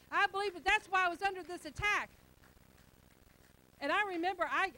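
A woman's voice: very high-pitched, bright, forceful tone, low-quality recording. A middle-aged woman pastor preaching a sermon, emphatic and repetitive, acting out bits of everyday dialogue.

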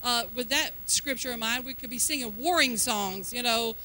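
A woman's voice: fairly high pitch, normal speed, bright, forceful tone. A woman preaching a sermon in a folksy, emphatic way, asking the congregation questions as she goes.

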